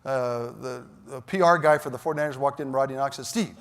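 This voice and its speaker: A man giving a storytelling keynote speech at an awards dinner, animated and shouting his punchlines. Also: mid-range voice, fast, clean tone. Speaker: keynote speaker. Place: large hall. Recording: long hall reverb.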